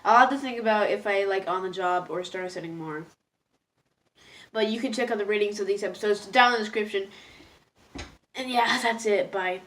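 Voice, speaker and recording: A woman talking through a casual spoken review at a middle pitch, rambling and hesitant with plenty of fillers. She is easily moved and laughs at herself. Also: normal speed, long pauses, a bit bright, slight background noise. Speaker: episode reviewer.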